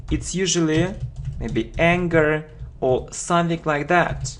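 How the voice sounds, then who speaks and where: A man teaching English vocabulary, who says each phrase and then repeats it slowly and deliberately. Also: a little high, a little hiss or hum. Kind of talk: vocabulary lesson.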